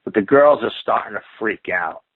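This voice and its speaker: An animated man with a creaky, lowish voice talks at normal speed as an interview guest, in a dry recording over a tinny phone line. His long encounter story comes out rambling and casual, built up repetitively with one "and then you hear" after another.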